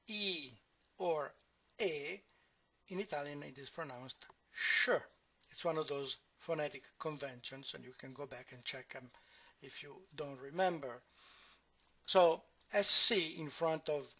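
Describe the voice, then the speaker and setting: Slow, deliberate male language teacher. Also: a little high, bright, forceful tone, dry recording. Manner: slow, deliberate explanation with drawn-out example words. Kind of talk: grammar lesson at a board. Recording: dull, dry lo-fi sound.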